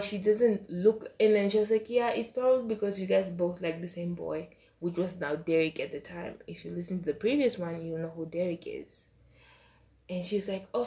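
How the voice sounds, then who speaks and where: A young woman casually telling a storytime vlog, acting out the people in it with exasperated quotes and trailing off into soft asides. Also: roomy sound. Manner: animated, exasperated retelling with quoted dialogue; frequent fillers, trails off into soft low asides. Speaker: storytime vlogger.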